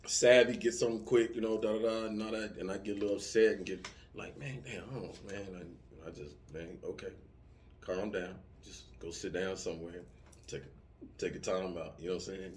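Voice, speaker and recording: A middle-aged man talking casually, telling lively stories with profanity and acting out yelling soldiers. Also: lowish voice. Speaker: vlogger answering subscriber comments. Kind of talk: casual chat.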